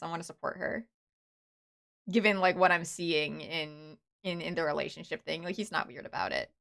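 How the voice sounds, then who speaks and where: A woman streaming a game, chatting casually and rambling with many fillers and restarts, with excited bursts and soft, muttered asides. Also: mid-range voice. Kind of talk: casual live-stream chatter while playing.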